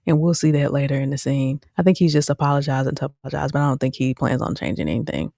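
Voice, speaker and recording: A woman's voice: very deep voice, fast, creaky, no echo, clean studio sound. A woman hosting a show review, chatting casually and animatedly to her viewers. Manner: chatty, addresses viewers directly as "y'all"; animated, with frequent "um" and "okay?". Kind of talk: casual commentary.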